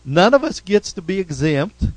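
A man's voice: high voice, big pitch swings, normal speed, no echo, poor audio. A man preaching a sermon as pastor, punctuating points with "amen?" and rising to emphatic repetitions. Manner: call-and-response preaching, repeated "amen?".

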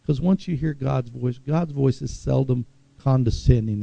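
A man's voice: medium pitch, normal speed, creaky, dark tone, husky, dry recording, highs cut off. A middle-aged man preaching a sermon in a conversational way, reading scripture aloud with asides.

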